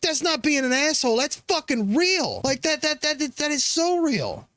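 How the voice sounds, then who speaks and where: A man's voice: very high voice, very animated, moderate pace, fairly bright tone, no room sound. A man hosting a commentary show, reacting to political clips in a profane, sarcastic, rambling rant full of restarts.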